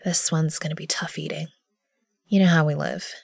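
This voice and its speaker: A woman gives first-person narration for an audio drama, measured and often dropping to a hush. Her voice sits a little low and sounds dry and close to the mic. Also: steady tone, vocal fry, husky, no echo. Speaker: narrator and lead character.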